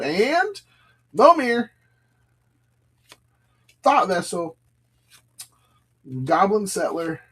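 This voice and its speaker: Guy doing a live card break, kinda high voice, rambly and casual, chatting with viewers. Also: slightly rough. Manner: chatty, rambling, greets viewers by name while reading cards. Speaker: live stream seller opening card packs. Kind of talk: casual live-stream chat.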